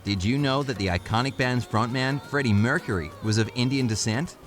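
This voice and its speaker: A man's voice: medium pitch, fairly quick, over music. A man narrating a scripted informational video in an upbeat, friendly, evenly paced way.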